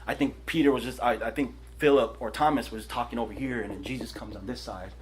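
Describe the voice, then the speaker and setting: A man gives an informal sermon to a small group in a home, speaking at a mid pitch. His delivery is chatty and animated, full of restarts and quick check-ins with his listeners. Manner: casual, animated, tags lines with "right?", many restarts. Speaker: preacher. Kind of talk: conversational sermon. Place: house church living room.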